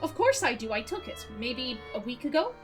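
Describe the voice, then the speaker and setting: Rich: An earnest middle-aged doctor from a video game, voiced in an Irish accent by a woman reading the part aloud. He lectures in a precise manner, and the voice is fairly high for a man. Faint violin music plays underneath. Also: big pitch swings, normal speed. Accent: put-on Irish. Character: middle-aged male doctor, curious about spirits.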